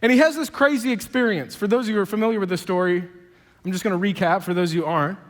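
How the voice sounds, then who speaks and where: A male pastor preaches with lively, humorous storytelling. His voice sits high for a man. The sound carries the long reverb of a large church auditorium. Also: racing. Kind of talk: sermon.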